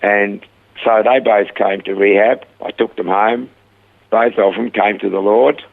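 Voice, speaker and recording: An older man telling stories as a guest in a conversation, animated and lifting his voice when he quotes himself. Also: on the low side, unhurried, vocal fry. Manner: animated retelling, voice rising when quoting himself. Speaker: guest, rehab centre founder. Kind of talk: storytelling in a conversation. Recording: tinny phone line.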